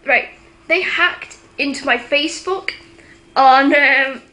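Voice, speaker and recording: A woman's voice: high voice, extremely slow, sharp tone. A teenage girl rambles through a casual video diary. She sounds worn out after a night with little sleep, giggles often, and keeps restarting her sentences. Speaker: vlogger. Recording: noisy home ambience.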